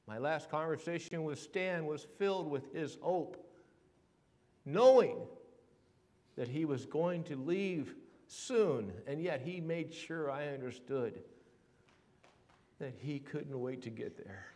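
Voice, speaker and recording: A man preaching a sermon in a church. He swings from hushed to loud and leans on rhetorical questions and repetition. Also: fairly high pitch, lively intonation, takes it slowly, long pauses. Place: church sanctuary.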